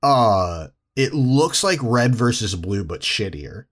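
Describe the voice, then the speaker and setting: A man's voice: medium pitch, very animated, slow. A young man co-hosting a casual podcast, often stumbling and repeating words as he talks. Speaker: podcast co-host.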